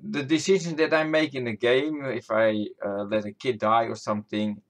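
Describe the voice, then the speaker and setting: A man's voice: medium pitch, level tone, moderate pace. A man from the Netherlands with a Dutch accent, a non-native English speaker, giving chatty, giggly, casual commentary over gameplay at home. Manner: chatty, giggly, self-talking. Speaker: gaming YouTuber. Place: home room.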